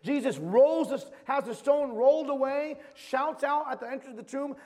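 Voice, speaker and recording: Male pastor, high voice, fervent sermon delivery that drops to near whispers, reverberant sanctuary. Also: normal speed. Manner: impassioned, swings between loud and hushed, repeats phrases. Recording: long hall reverb.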